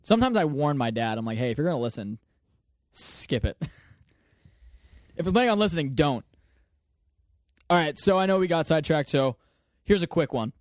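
Young guy podcast cohost, kinda high voice, jokey storyteller, laughs a lot, dry sound. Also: lively intonation, moderate pace, pauses often, no echo. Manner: joking, laughs often, tells stories with quoted voices. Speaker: podcast co-host. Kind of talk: casual chat.

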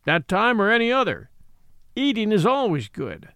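A man's voice: high-pitched, huge pitch swings, moderate pace, bright, forceful tone, clear, resonant tone, no echo, studio quality, voice pushed up, heavily acted. A man voicing a young gun mule from a storybook, who speaks in a plain, matter-of-fact way.

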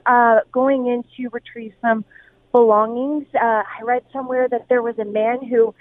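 A woman news reporter on the scene, talking in a halting way, repeating words and restarting sentences over the phone. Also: on the high side, dry recording. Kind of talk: live phone interview. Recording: tinny dry phone line.

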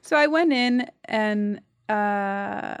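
Animated New actress guest. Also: female voice, medium pitch, extremely slow, dry recording, clean studio sound. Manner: animated storyteller, acts out quotes. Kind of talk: casual interview chat.

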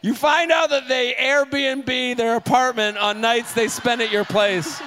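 A man's voice: very high-pitched, steady tone, background noise. A man co-hosting a podcast live on stage, riffing jokes with the crowd. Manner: joking, riffing quickly with a crowd. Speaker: podcast co-host. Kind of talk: comedic live podcast banter. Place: on stage in a theater.

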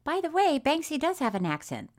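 Woman, podcast co-host, casual chat, animated storyteller, bouncy pitch, a bit high. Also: a little fast. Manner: animated storytelling, acts out quotes, laughs often.

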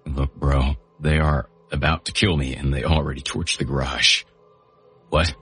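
A man with an extremely low, deep voice narrates a horror audiobook. His first-person delivery is gritty and menacing, and soft music plays under him. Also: steady tone, normal speed. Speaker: host and narrator.

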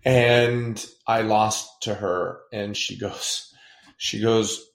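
A man, a baseball player guest, telling animated, self-deprecating stories in a casual interview. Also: fairly low pitch, extremely slow, creaky, background noise. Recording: echoey room.

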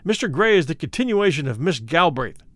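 A man voicing a smooth, worldly and ruthless male doctor who talks in a coolly persuasive, condescending way. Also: fairly high pitch, sing-song, fairly quick, fairly bright tone, dry recording.

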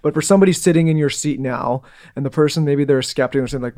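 A man's voice: fairly high pitch, quick pace, mellow. A man hosting a podcast, asking casual interview questions with loose phrasing and restarts. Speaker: podcast host.

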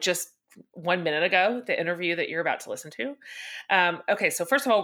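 Middle-aged woman host, excited and chatty, bright forward tone, lowish voice. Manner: excited, chatty, many fillers. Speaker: podcast host. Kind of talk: casual podcast intro.

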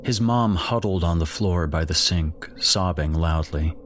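Deep-voiced man narrating a horror story. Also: unhurried, a little hiss or hum.

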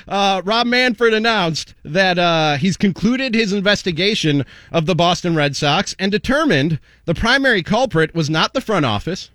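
Sports radio guy ranting, high voice, sarcastic and fired up, super dry studio sound. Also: animated, moderate pace, hardly any pauses, fairly bright tone, no echo. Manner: sarcastic, indignant, repeating himself for effect. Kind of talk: heated talk radio rant.

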